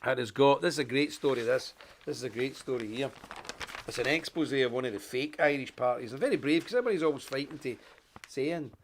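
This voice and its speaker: A man from Ulster with an Ulster Scots accent, hosting a live show in an animated, chatty monologue and chuckling often. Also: medium pitch, quick pace, slight background noise. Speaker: host.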